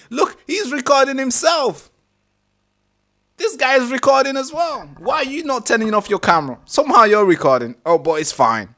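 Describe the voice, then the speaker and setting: A man hosting a live reaction stream, talking casually, animated and exasperated, swearing freely. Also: high voice.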